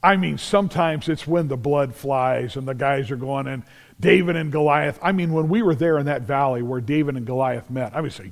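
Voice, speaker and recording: A man preaching a sermon as pastor, telling Bible stories in an animated way and acting out the scenes. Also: mid-range voice, normal speed, creaky. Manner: animated storytelling, acts out scenes, shouts at climaxes. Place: large church sanctuary. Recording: long church reverb.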